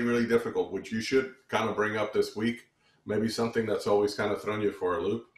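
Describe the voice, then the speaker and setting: Male music theory teacher, low voice, halting explanations, roomy echo. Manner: counts beats aloud, many restarts, explanatory. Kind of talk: online music lesson.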